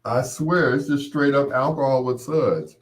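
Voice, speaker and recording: A man hosting his own show, telling rambling casual stories with laughs and quick mimicked voices of others. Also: medium pitch. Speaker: podcast host. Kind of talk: casual storytelling monologue.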